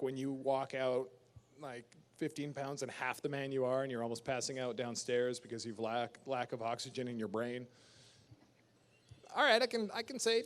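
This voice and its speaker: A man's voice: medium pitch, normal speed. A man, an actor guest at a fan convention panel, answering questions in a casual, emphatic way with laughs. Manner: emphatic, animated ranting with laughs.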